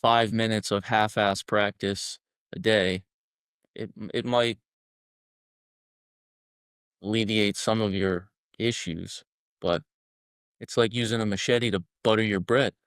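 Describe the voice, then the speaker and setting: A man's voice: fairly low pitch, fairly even intonation, slow, long pauses, fairly bright tone, clean tone, no room sound, studio quality. A man guest on a podcast, talking bluntly and emphatically, swearing freely as he makes his points. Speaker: guest, men's collective founder. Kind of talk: podcast interview talk.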